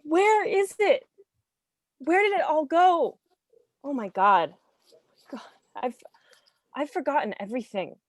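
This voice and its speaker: A woman reading the part of a weary young woman of twenty-three, halting and caught between sobs and laughter. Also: sits high, no room sound. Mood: despairing. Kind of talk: staged play reading.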